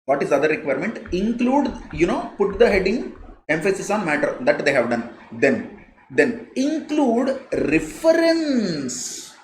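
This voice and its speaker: A man with an Indian English accent teaches a live class, leaning on his points by repeating them. His pitch swings widely as he stresses words. The sound is roomy and echoey, with a little background hiss. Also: very animated, measured pace. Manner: repeats key phrases, emphatic, conversational. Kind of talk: live online lecture. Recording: echoey room, faint noise.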